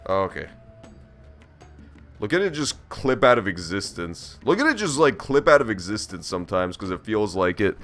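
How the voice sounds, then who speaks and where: A man's voice: lowish voice, big pitch swings, moderate pace, a bit bright, faint music behind. A man giving casual gameplay commentary on a stream, joking and swearing as he reacts aloud to the game. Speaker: let's play streamer.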